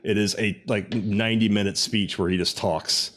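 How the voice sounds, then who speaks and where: A man co-hosting a casual podcast, ranting in an animated, profane way. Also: fairly low pitch, moderate pace. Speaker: podcast co-host. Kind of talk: casual chat.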